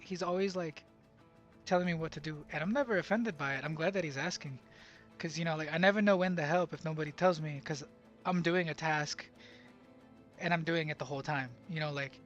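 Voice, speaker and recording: Young man, casual rambling storytelling, lots of "like" and restarts, slightly high voice, faint music behind. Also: fairly bright tone, muffled recording. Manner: bilingual, speaks Spanish at work. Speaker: vlogger.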